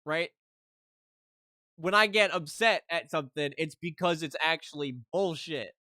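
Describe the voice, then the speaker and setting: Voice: medium pitch, measured pace, pushed and bright, dry recording, clean studio sound. A streamer telling a story to chat in a heated, casual rant, keeping on asking "right?".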